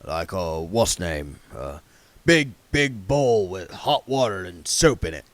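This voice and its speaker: A man doing a low, muttering talking dog. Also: very animated, slow pace, dry recording, heavily acted. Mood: gruff muttering. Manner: low, quiet, mumbling and conspiratorial. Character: streetwise talking dog, gruff, low-key.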